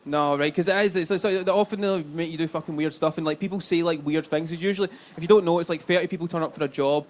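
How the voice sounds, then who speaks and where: Fast-talking and steady in tone, this Glasgow-born stand-up has a fairly high voice and a Glaswegian Scottish accent. He's live at a comedy club, chatty and swearing, keeping tabs on the crowd.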